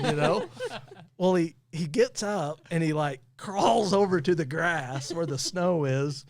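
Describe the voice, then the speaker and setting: A man who owns a towing company, guesting on a podcast and telling funny stories in a casual, animated way, often laughing as he talks. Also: fairly high pitch, unhurried. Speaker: tow truck company owner, podcast guest. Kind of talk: casual storytelling.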